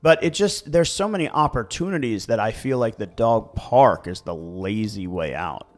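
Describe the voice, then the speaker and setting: A man with a Baltimore accent co-hosting a casual podcast chat, animated and quick to act out voices. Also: on the low side. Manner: animated, acts out dog voices. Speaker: podcast co-host.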